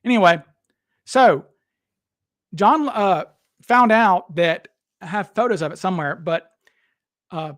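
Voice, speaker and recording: A man with a somewhat high voice hosts a casual live stream. He rambles, restarts his sentences and talks straight to his viewers. The sound is dry and close, with no room echo. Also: slow pace, pauses often, a bit bright. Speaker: livestream host. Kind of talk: casual livestream chat.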